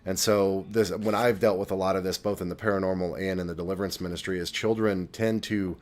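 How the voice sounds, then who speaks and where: Guest, man with a deep, low voice; calm, explanatory, teacherly delivery. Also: quick pace. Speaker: deliverance minister. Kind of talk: casual conversation.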